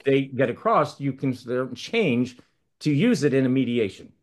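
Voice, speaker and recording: A man's voice: medium pitch, sing-song, normal speed. A male mediator speaking casually on a panel, telling stories and acting out quoted exchanges. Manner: anecdotal, acts out quoted exchanges. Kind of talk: casual discussion, telling a joke.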